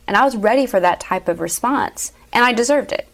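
A young woman sharing an earnest personal faith story as an interview guest, often laughing softly. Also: on the high side, expressive, brisk, hardly any pauses.

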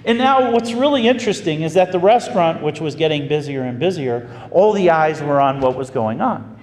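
A man preaching as a pastor, telling a story in an animated, folksy way. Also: fairly high pitch, a little fast. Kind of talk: storytelling sermon. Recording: echoey hall with faint ambience.

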